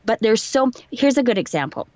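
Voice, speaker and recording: A woman's voice: a little high, sing-song, brisk, darkish tone, no room sound. Woman with light received pronunciation. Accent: light received pronunciation English. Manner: chatty, self-deprecating, explains with examples. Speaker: voice actor guest. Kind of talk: casual interview chat.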